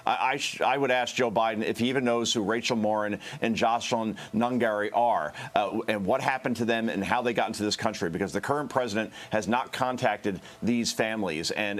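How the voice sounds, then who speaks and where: A man speaking as a panelist on a cable news show, earnest and emphatic, with some halting restarts. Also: lowish voice.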